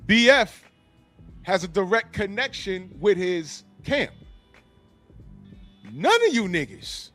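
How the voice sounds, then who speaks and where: A man's voice: sits high, expressive, slow pace, long pauses, pushed and bright, soft background music. A man co-hosting a podcast, talking in casual, profane, mocking banter. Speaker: podcast co-host.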